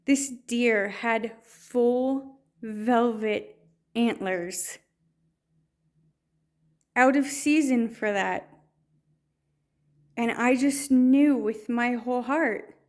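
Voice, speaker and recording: A woman's voice: on the high side, drawn-out words, pauses often. A woman telling a personal faith story in a storytelling way, with many restarts and fillers. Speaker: testimony speaker.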